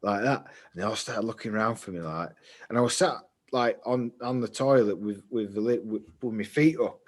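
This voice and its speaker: A man, co-hosting a casual podcast chat and telling stories in an animated way, laughing easily. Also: fairly low pitch, brisk. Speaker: podcast co-host.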